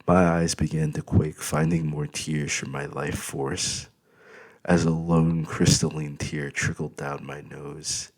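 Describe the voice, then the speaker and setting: Deep gravelly man narrating an audiobook. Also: takes it slowly. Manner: expressive first-person storytelling.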